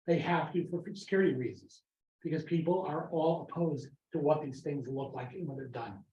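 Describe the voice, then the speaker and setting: A man's voice: a little high, a little fast, darkish tone, slight background noise. A man in his fifties speaking bluntly and scornfully at a town meeting public comment. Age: 50s. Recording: echoey room, dull lo-fi sound.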